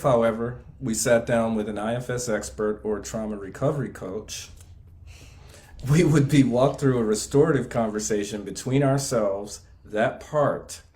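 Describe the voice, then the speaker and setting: A man co-hosting a live class, reading passages from a book aloud in a measured way. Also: fairly low pitch, darkish tone. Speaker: class co-host.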